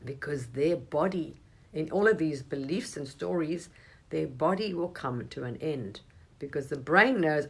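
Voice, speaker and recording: A woman giving a casual, rambling spiritual monologue to camera, talking animatedly and breaking into sudden high, excited bursts. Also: normal speed, creaky, slightly rough. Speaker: spiritual vlogger.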